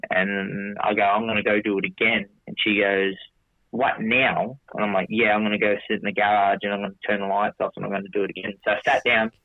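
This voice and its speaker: A man's voice: on the low side, level tone, fast, few pauses, no room sound. A man telling a long story casually, with many restarts, swearing, and quoting himself in dialogue. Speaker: podcast guest. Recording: dry tinny phone-like audio.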